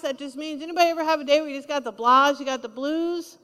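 Woman preacher, high voice, emphatic and repetitive, calls for amens, echoing church hall. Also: quick pace, hardly any pauses, a bit bright. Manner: emphatic, repeats key lines, asks the congregation for responses. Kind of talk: sermon.

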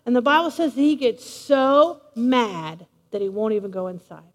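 A woman preacher giving a lively, playful sermon, speaking straight to her congregation in a large church hall. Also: fairly high pitch, moderate pace. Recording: long reverb of a large hall.

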